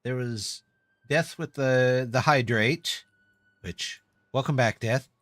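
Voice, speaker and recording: A man's voice: mid-range voice, takes it slowly, fairly bright tone, no echo. A man live-streaming a game and chatting casually with viewers, answering their comments in a loose, self-deprecating way. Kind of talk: casual live-stream chat while gaming.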